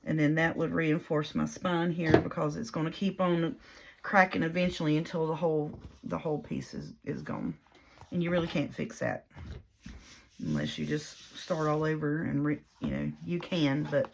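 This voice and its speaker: A woman's voice: low-pitched, vocal fry, a little hiss or hum. A woman chatting casually through a paper craft tutorial, rambling in a folksy way and talking through her own mistakes as she works. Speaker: paper crafter demonstrating a project.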